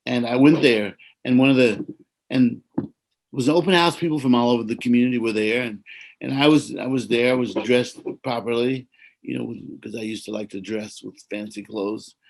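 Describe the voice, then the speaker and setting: American priest, gravelly mid-range voice, gentle reflective storyteller on a video call. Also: male voice, medium pitch, steady tone, moderate pace, low-quality recording. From United States. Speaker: Orthodox priest. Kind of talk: personal storytelling in a conversation.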